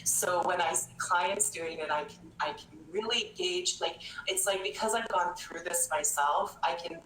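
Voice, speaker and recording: A woman's voice: on the low side, a little slow, fairly bright tone. A woman, a therapist guest in an interview, telling stories in a conversational way with many restarts. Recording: echoey room, faint noise.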